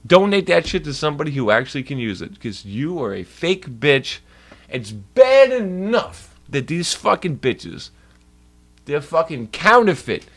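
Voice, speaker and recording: A man's voice: fairly high pitch, sing-song, measured pace, a bit bright. A man livestreaming and ranting in a heated, profane way to his chat. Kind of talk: casual livestream rant.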